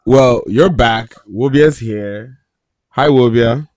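A man's voice: medium pitch, takes it slowly, a little mellow, no echo, clean studio sound. A man hosting a casual podcast chat, teasing his co-hosts and laughing often. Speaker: podcast host.

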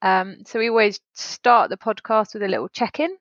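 A woman's voice: medium pitch, normal speed, a bit bright, no echo, muffled recording. A woman co-hosting a podcast, chatting casually and laughing easily. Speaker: podcast co-host.

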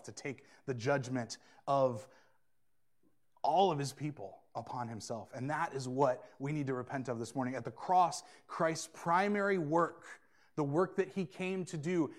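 Earnest male pastor preaching. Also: on the high side. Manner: earnest, swings between hushed and emphatic. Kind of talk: sermon.

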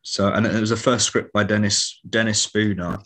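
A man's voice: lowish voice, steady tone, moderate pace, fairly bright tone. A man, chatting hesitantly as a podcast co-host. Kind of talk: casual chat.

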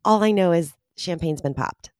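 A bubbly woman co-hosting a casual podcast, with a notably low voice. She is animated and chatty, with quick laughs and gasps. The sound is dry and close-miked. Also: dry recording. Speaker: podcast co-host. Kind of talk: casual chat.

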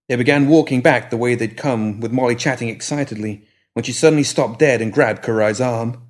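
A man narrating a fantasy story in a measured, dramatic reading. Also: medium pitch, steady tone. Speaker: narrator and host. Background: music at the outro.

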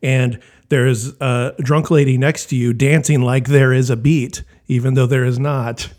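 A man's voice: medium pitch, flat delivery, a little slow, a little mellow. Male co-host, casual chat, laughs a lot, mid-range voice. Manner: laughs often, trailing restarts. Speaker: podcast co-host.

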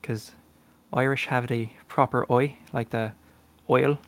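A man's voice: mid-range voice, level tone, measured pace. Hesitant man chatting casually. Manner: hesitant, many ums and uhs, laughs often. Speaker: podcast co-host and player. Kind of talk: casual chat.

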